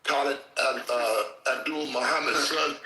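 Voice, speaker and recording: A man's voice: mid-range voice, measured pace, sharp tone. A man on a group audio chat, loose and joking, talking over other people. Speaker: chat participant. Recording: echoey room, faint noise.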